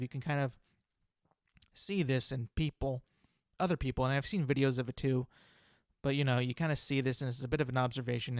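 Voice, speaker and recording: A man's voice: medium pitch, no room sound, studio quality. A young man hosting a solo comedy podcast, rambling and full of fillers, joking at his own expense. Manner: rambling, filler-heavy, self-deprecating. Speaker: podcast host.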